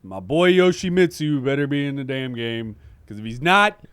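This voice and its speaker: A man's voice: mid-range voice, big pitch swings, moderate pace, fairly bright tone, clean tone, dry recording. A man co-hosting a podcast, talking in an enthusiastic, emphatic and slangy way. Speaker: podcast co-host. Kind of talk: casual chat.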